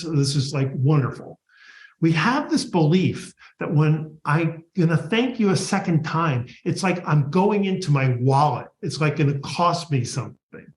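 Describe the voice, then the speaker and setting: A man's voice: on the high side, lively intonation, moderate pace. A man, a guest author, answering an interview and animatedly acting out workplace dialogue. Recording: echoey room.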